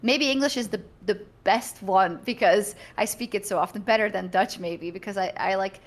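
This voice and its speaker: A young woman from Belgium chats freely as a guest in an easygoing interview. Her voice sits at an ordinary middle pitch, and she talks in a lively, animated way. She laughs a lot and slips into quoted voices as she tells her stories. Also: moderate pace. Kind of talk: casual conversational interview.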